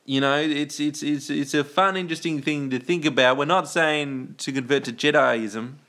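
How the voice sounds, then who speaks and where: A man's voice: fairly high pitch, moderate pace, pushed and bright. A man from Australia hosting a live stream, chatting in a rambling, playful way, trailing off, restarting and reading out chat comments. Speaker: livestream host.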